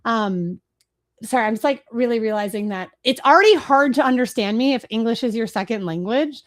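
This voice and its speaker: Fast-talking rambling woman hosting a webinar. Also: on the high side, expressive. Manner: fast-talking, rambling, self-deprecating, tries silly voices. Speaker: webinar host, marketing speaker. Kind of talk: casual live webinar talk. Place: home office, talking to a computer.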